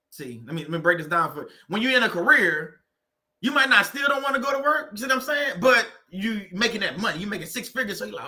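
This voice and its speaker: Male host, high voice, preachy, repeats lines for emphasis. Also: pushed and bright. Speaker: host of a faith-based livestream on narcissistic abuse. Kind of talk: live-stream motivational talk.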